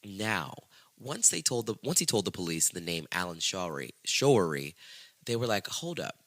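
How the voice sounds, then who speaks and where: A man hosting a podcast, telling a true-crime story in a casual, profane, slangy way and acting out the quotes in high squeaky voices. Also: moderate pace, no room sound. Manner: profane, slangy, animated retelling with acted-out quotes. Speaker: podcast host.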